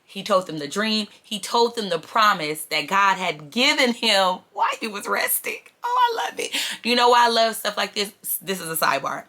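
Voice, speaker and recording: A woman's voice: mid-range voice, expressive, normal speed, few pauses, pushed and bright. A woman chatting casually to camera from a small bedroom in her mother's house, drifting from personal sidebars into preaching. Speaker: vlogger.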